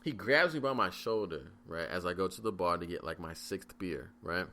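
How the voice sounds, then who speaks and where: A young man in his twenties talks through a casual solo podcast in a low voice with a forceful, bright edge. He rambles and swears freely, restarting sentences and leaning on fillers as he goes. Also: normal speed, a little hiss or hum. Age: 20s. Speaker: podcast host.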